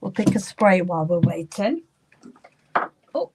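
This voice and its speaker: A woman's voice: lowish voice, wildly swooping pitch, a little slow, long pauses, slightly rough. A woman medium with a British accent, giving live card readings in a reassuring, repetitive way, often repeating the client's name. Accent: British English. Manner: warm, reassuring, repeats names and phrases while drawing cards.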